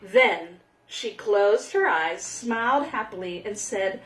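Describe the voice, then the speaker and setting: A woman reading a children's picture book aloud in a gentle, expressive way. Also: medium pitch, takes it slowly, few pauses. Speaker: storyteller. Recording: echoey room.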